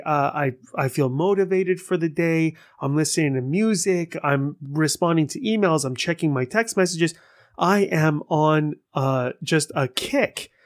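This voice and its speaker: A man hosting a casual solo podcast, rambling and swearing as he tells stories in an animated way. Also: fairly high pitch. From Persian heritage. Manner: rambling, profane, animated storytelling. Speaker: podcast host.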